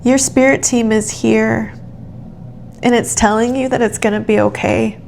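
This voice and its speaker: Woman tarot reader, unhurried and reassuring, with a gravelly edge to her voice; soft hiss in the background. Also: fairly high pitch, steady tone. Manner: gentle, affirming, speaks directly to the listener. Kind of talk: soothing channeled tarot reading.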